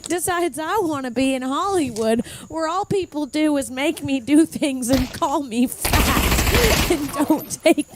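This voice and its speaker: A woman's voice: high-pitched, expressive, a little slow, hardly any pauses, heavy background noise. A woman in her thirties, co-hosting a casual chat, emotional and self-mocking, laughing through tears. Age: 30s. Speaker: podcast co-host.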